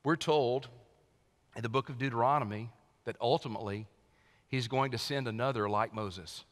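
A man preaching from the pulpit with a middle-pitched voice, rising loud on key lines and dropping to a hush for weight. His sermon rings out with a long reverb tail that fills the church hall. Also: moderate pace. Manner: preaching with wide swings in loudness, dropping low and quiet for emphasis. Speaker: senior pastor. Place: church sanctuary.

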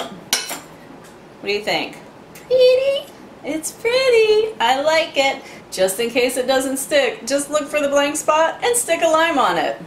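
Woman, home cooking vlogger, casual and chatty, mid-pitched, roomy kitchen echo. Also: a little hiss or hum. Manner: bubbly, chatty, playful asides. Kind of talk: casual kitchen demo chat.

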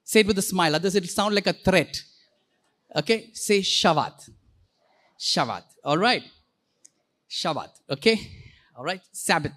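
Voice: mid-range voice, expressive, fairly bright tone. A pastor preaching a sermon in a church, playful and interactive, calling on the congregation to repeat words back. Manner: playful, quick asides and jokes.

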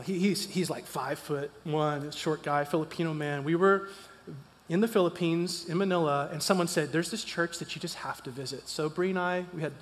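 A high-voiced pastor preaches in a church sanctuary, telling a personal story within his sermon. His storytelling is animated, swinging from loud to hushed, and the church hall's long reverb fills the recording.

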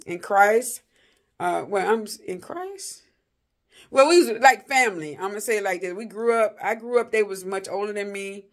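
A middle-aged woman, chatting casually and rambling to her viewers about a hair product, full of "y'all" and blessings. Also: mid-range voice. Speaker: vlogger.

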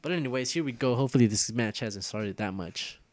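A young man gives loose, casual commentary over his own gameplay, joking and grumbling as he goes. He trash-talks opponents in a relaxed, chatty way at a middle pitch. It sounds like a home gaming video with an ordinary everyday voice. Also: brisk, heavy background noise. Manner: joking, grumbling and trash-talking at other players.

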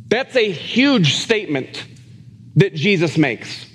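High-voiced pastor preaching in a reverberant church. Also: male voice, sing-song, takes it slowly, fairly bright tone, breathy edge. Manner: earnest, conversational, self-deprecating, with frequent restarts. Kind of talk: sermon. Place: church sanctuary. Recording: long reverb of a church hall.

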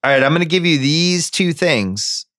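A man hosting a podcast, telling a story and trading quick, jokey asides in casual movie chat. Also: on the high side, expressive, fairly bright tone, no room sound, clean studio sound. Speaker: podcast host.

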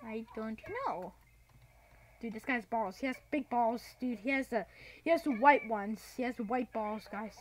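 A woman hosting a gaming channel, giving excitable gameplay commentary that breaks into yells and shrieks and is full of "dude". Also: a little high, normal speed, a little hiss or hum.

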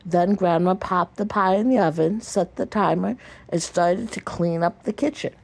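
Woman, lower register, reads a children's storybook aloud, gentle, natural stumbles. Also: moderate pace, creaky. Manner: gentle read-aloud with small slips and restarts. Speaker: storybook reader. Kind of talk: reading a children's picture book aloud.

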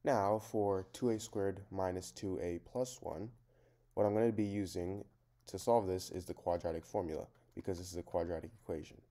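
Man, low voice, mellow tone, step-by-step math lesson, methodical. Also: steady tone, moderate pace. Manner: plain, methodical explaining, talking through each step. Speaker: math tutor.

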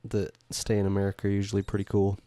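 Male podcast host, low pitch, dry close mic, easygoing and profane. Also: monotone, quick pace, warm tone, no room sound. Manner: laid-back, profane banter. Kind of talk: casual chat.

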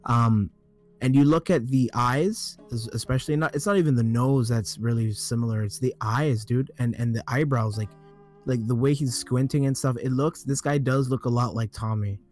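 A man's voice: medium pitch, moderate pace, darkish tone, faint music behind. Rambling, analytical podcast guy. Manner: rambling with many restarts, analytical. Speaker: podcast co-host. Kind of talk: casual gaming podcast chat.

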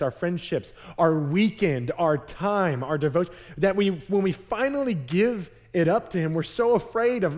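A man in his thirties preaching a sermon as pastor, telling a lively story about his kids. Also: fairly high pitch. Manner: animated storytelling, acts out his kids' voices.

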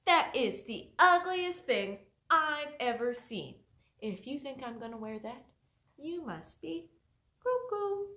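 A woman's voice: high voice, sing-song, takes it slowly, pushed and bright, heavily acted. A woman voicing a stubborn little boy who scornfully refuses to wear his snowsuit, in a children's storybook reading. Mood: disgusted. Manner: defiant, scornful. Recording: echoey library room.

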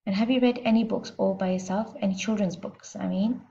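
A woman doing a gentle young teacher. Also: medium pitch, fairly even intonation, a little fast, lightly acted. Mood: kind. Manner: soft, kind questioning. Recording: slightly muffled lo-fi recording.

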